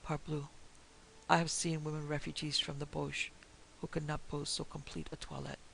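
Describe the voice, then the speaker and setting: A woman's voice: low-pitched, little pitch movement, moderate pace, gravelly, a bit bright, slight background noise, low-quality recording. A woman voicing a dapper little French detective with a French accent, mocking and airy, slipping French phrases into his talk. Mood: brisk.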